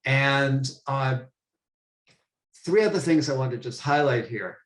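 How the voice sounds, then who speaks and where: A man's voice: medium pitch, slow pace. Man lecturing in a roomy room. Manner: thoughtful, with frequent restarts and emphasis. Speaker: professor giving a lecture. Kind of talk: online lecture for teachers. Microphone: computer mic on a video call.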